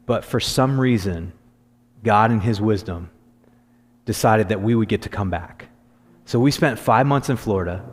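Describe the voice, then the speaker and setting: A man preaching a sermon as a pastor, telling stories in a conversational way that turns lively when he quotes others. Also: on the low side, long reverb tail. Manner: conversational storytelling, animated when quoting. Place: church sanctuary.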